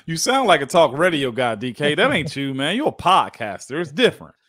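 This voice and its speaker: Easygoing laughing man, high voice. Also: big pitch swings, brisk, fairly bright tone. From United States. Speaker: podcast host. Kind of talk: casual sports chat.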